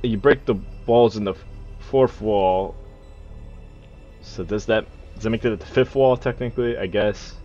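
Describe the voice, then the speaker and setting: A man's voice: lowish voice, measured pace, warm tone, muffled recording, soft background music. A young man narrating a video game as he plays, rambling in casual asides and breaking into panicky yelps and swearing. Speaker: gaming YouTuber. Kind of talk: casual let's-play commentary.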